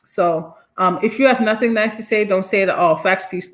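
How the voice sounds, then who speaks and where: A woman hosting a casual live stream, reading viewer comments aloud, blunt and animated, often laughing and swearing. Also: on the high side, normal speed. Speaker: livestream host reading chat comments.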